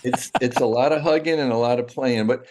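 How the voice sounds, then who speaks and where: A man's voice: medium pitch, a little fast, a little mellow. A middle-aged man talking as a guest in a casual interview, rambling and restarting his sentences often. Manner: rambling, with many restarts and fillers.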